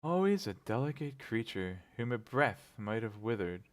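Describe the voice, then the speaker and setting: A man voicing a calm, gentle ghost of the past with a soft, measured delivery. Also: on the low side.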